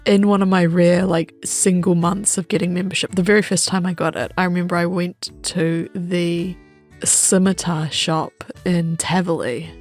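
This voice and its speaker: A woman casually narrating her gameplay in an excitable, chatty way. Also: on the low side, faint music behind. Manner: excitable, chatty, quick laughs and gasps. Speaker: gaming vlogger.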